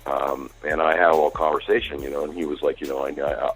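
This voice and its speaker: Brief: older male guest, very low husky voice, rambling storyteller, faint music behind. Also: fast talker, few pauses, poor audio. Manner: rambling, animated when quoting dialogue. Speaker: music industry executive, guest. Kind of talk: casual interview storytelling.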